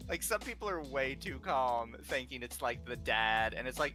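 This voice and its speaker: A podcast co-host with a middling pitch, joking dryly through a casual chat and slipping into mocking quotes. Music plays clearly underneath the talk. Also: expressive, moderate pace, hardly any pauses, pushed and bright.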